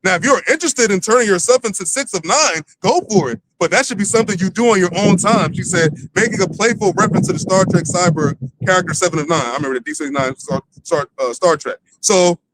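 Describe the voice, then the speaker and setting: A man's voice: high-pitched, fast talker, few pauses, background noise. A man leading a livestreamed Bible teaching, talking loosely and profanely with many fillers and restarts. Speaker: lead teacher of a religious camp.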